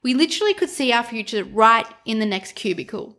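A woman's voice: fairly high pitch, animated, fairly quick, bright, forceful tone. A young adult woman co-hosting a podcast, talking casually and reflectively and laughing easily. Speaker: podcast co-host. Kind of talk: casual chat.

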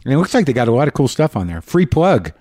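A man from New Mexico hosting a show, talking in a candid, rambling way with halting restarts and a grieving, reflective tone. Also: mid-range voice, sing-song, mellow, dry recording, clean studio sound. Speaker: podcast host. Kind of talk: casual monologue.

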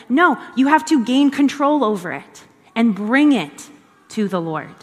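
A woman's voice: high-pitched, lively intonation, moderate pace. Woman, devotional teacher, conversational and earnest, repeats lines for emphasis, reverberant hall.

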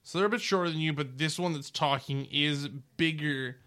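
A man narrating a tabletop game as game master, describing scenes in a relaxed way with fillers and pauses. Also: a little high, clear, resonant tone.

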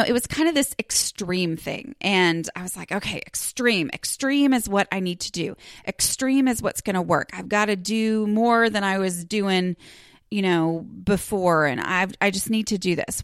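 A woman's voice: mid-range voice, dry recording, studio quality. A woman in her forties hosting her own podcast, talking in a chatty, confessional way and acting out her own past thoughts. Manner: chatty and confessional, slips into lively acted-out quotes. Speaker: podcast host. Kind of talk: casual solo podcast monologue.

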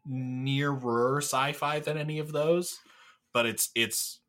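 A man's voice: mid-range voice, steady tone, takes it slowly, fairly bright tone. A young man co-hosting a podcast, chatting casually, rambling enthusiastically with lots of fillers and casual swearing. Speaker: podcast co-host. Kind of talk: casual chat.

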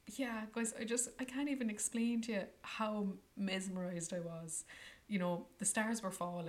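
A woman vlogger telling a travel story to her viewers in a gushing, enthusiastic way, often slipping into breathy whispers. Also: mid-range voice, darkish tone.

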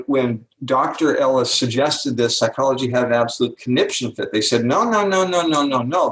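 An older man tells stories as an interview guest, leaning on key words and slowing right down to stress them. His voice has a gravelly edge. The room is echoey around him. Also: mid-range voice. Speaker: author and speaker, guest. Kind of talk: interview storytelling.

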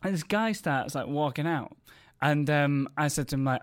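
Animated English man telling stories. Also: on the high side, moderate pace. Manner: animated storyteller, laughs through his stories, swears freely. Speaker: comedian and podcast co-host. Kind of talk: casual anecdote-telling chat.

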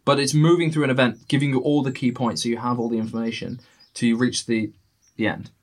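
Measured man hosting a film review. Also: medium pitch, steady tone. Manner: measured, thoughtful, leads the talk. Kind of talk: casual film review chat.

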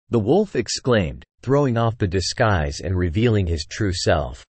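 A man's voice: on the low side, sing-song, a little slow, darkish tone, breathy edge, dry recording. A man narrating a fairy tale in a scripted storytelling style.

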